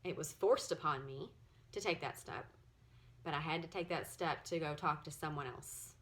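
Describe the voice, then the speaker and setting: A woman in her forties sharing her personal story in a halting, earnest way, at times close to tears. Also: sits low, fairly bright tone. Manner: earnest, halting, emotional, often near tears. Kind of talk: personal testimony to camera.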